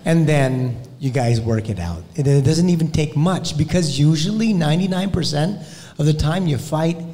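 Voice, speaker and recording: A man's voice: a little high, normal speed, mellow, slight background noise. A Filipino man who is a guest at a live podcast show, explaining things in an easygoing way. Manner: easygoing, laughs while explaining. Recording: long reverb of a live venue.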